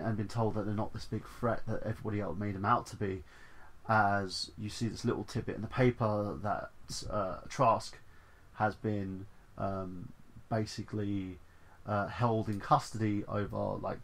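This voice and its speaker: Gravelly low-voiced man reviewing a film. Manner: enthusiastic, rambling with frequent fillers and restarts. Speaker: movie reviewer. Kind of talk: casual spoken film review.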